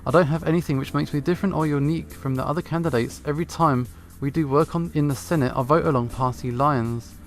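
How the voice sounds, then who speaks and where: A man's voice: on the high side, fairly even intonation, fast, few pauses, soft background music, natural voice. A man voicing an earnest male cat senator running for president, in a plain, slightly sheepish game reading. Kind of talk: visual novel voice-over reading.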